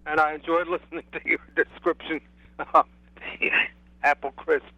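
Bright-voiced male caller, muffled line. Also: a little high, little pitch movement, normal speed, no echo. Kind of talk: phone-in chat.

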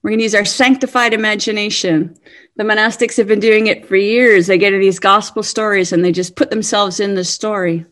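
Woman in her 50s preaching, earnest and lively, laughs here and there. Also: medium pitch, fairly quick. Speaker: speaker. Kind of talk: sermon-style talk.

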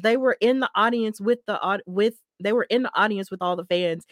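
A woman hosting a podcast, casually recapping a wrestling match in a chatty, excitable way and laughing often. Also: medium pitch, dry recording, clean studio sound. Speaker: podcast host.

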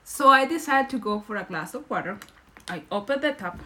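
A woman from Nicaragua, a podcast guest telling stories in lively, English and laughing often. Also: mid-range voice, fairly quick. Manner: animated, laughing, non-native English phrasing. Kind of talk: casual storytelling in conversation.

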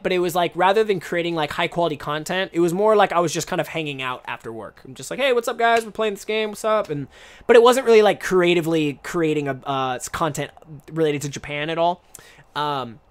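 A man's voice: on the high side, lively intonation, quick pace, clear, resonant tone. A young man streamer and English teacher talking casually to camera, rambling and restarting his sentences with lots of fillers. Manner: rambling, self-interrupting, many fillers.

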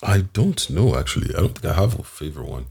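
A man's voice: deep voice, big pitch swings, quick pace, gravelly, darkish tone. A man co-hosting a podcast in casual chat, rambling with lots of fillers and restarts. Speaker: podcast co-host.

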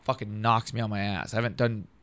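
A man's voice: on the low side, fairly even intonation, fast, a bit bright, clean tone. A man telling a long personal story in casual, profane, rambling talk, acting out what others said.

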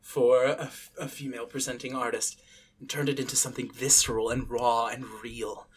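Effusive drama teacher, gushing and theatrical, as a game master puts him on. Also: male voice, mid-range voice, little pitch movement, normal speed, a little hiss or hum, lightly acted. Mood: enthusiastic. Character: male drama teacher running auditions, effusive.

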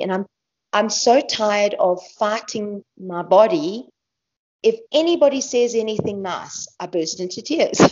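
A woman's voice: medium pitch, darkish tone. Chatty woman, dull audio. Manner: chatty, laughs often, trails off and restarts. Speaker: guest ultramarathon runner. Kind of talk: casual interview talk.

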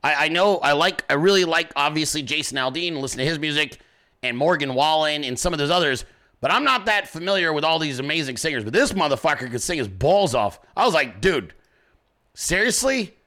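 A man hosting his own show, chatting casually in a rambling, profane, excitable way. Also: a little high, fast talker. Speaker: podcast host. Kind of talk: casual chat.

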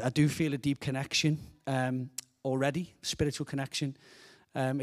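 A middle-aged man from England preaching a sermon as a guest speaker in a church, earnest and fervent, often repeating words as he builds a point. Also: medium pitch.

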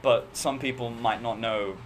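A teenage boy from Australia co-hosting a casual podcast chat, relaxed and self-deprecating, with some hesitant restarts. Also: mid-range voice, measured pace, a little hiss or hum. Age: teens. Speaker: podcast co-host.

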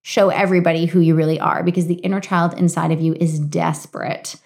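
A woman's voice: lowish voice, steady tone, fast, vocal fry, a little mellow. A woman in her thirties hosting a podcast, talking candidly and chattily, with casual swearing and frequent laughs. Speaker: podcast host. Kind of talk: solo podcast monologue.

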